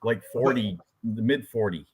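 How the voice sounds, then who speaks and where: A man's voice: fairly low pitch, normal speed, a crowd in the background. A man co-hosting a fight prediction live stream, joking with his co-host and greeting viewers in the chat.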